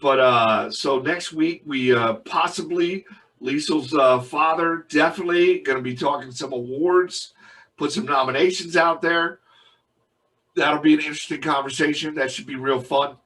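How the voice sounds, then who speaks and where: A man's voice: fairly high pitch, normal speed, fairly bright tone, distant mic. A man co-hosting a podcast in casual chat, explaining things at length and tagging his points with "right?". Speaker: podcast co-host.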